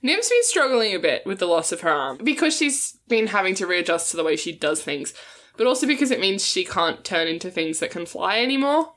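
A woman's voice: mid-range voice, sing-song, a little fast, a bit bright. A woman playing a tabletop game, thoughtfully describing what her character does. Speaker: player.

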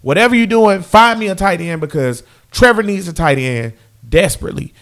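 A high-voiced young man breaks down his team's offense in a casual fan rant. He keeps circling back to the same phrases and talks directly to the people watching. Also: brisk. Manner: animated, repeats phrases, talks straight to viewers. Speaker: sports fan commentator.

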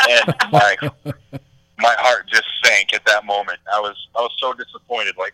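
Laid-back man with a bright voice. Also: lowish voice, moderate pace, dry recording, low-quality recording. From Texas. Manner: laid-back, many "you know" and "uh" fillers. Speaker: guest wrestler. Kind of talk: casual interview talk.

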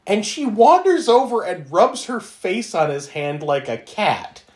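A podcast co-host who retells movie scenes with lots of giggling and a very lively, swooping delivery. The pitch moves around a great deal from line to line. The recording picks up a roomy echo. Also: a little slow. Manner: giggly, animated storytelling with frequent laughs. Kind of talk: casual movie-review chat.

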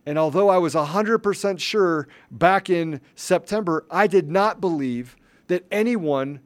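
Male podcast host with a high voice, fervent and emphatic, hammering his points home with repetition. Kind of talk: impassioned political commentary.

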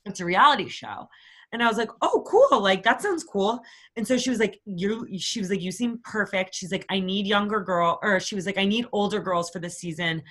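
A woman in her twenties, co-hosting a podcast, telling stories in a casual, profane, animated way. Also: medium pitch, a little fast. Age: 20s. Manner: profane, animated storytelling with quoted voices. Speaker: podcast co-host. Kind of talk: casual storytelling chat.

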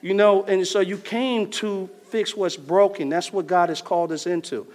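A man preaches with a fairly high voice, mixing street slang into his sermon. He swings from loud, fired-up bursts to hushed, serious lines. His voice rings out with a long reverb from the hall around him. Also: steady tone, normal speed. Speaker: pastor.

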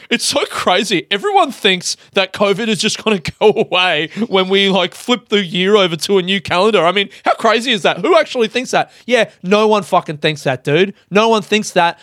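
A man's voice: high voice, a bit bright, dry recording, clean studio sound. A young Australian man, a stand-up comedian, hosting a solo podcast monologue and swearing constantly in loose, rambling bursts.

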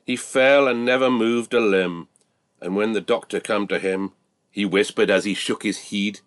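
A Scottish man reciting a long rhyming dialect poem in a measured, rhythmic way. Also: on the low side, no room sound.

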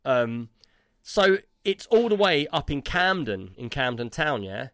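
A man's voice: medium pitch, sing-song, a little slow, fairly bright tone, no room sound. A man, a podcast co-host telling a rambling story in casual chat, tagging his lines with "yeah?" and "like".

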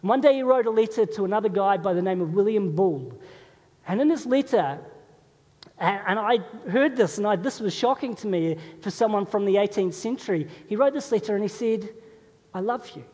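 In a church with the long reverb of a large hall, a male pastor preaches in a high, mellow voice, brisk and expressive. His sermon is conversational and story-driven, and he puts questions to his congregation.

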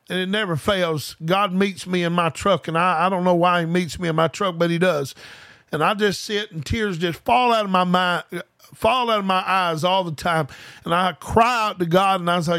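Speaking straight to his audience as "guys," a man delivers a fervent, colloquial podcast sermon full of repeated key phrases and rhetorical questions. His voice sits high with a fairly bright tone, and there's no room sound.

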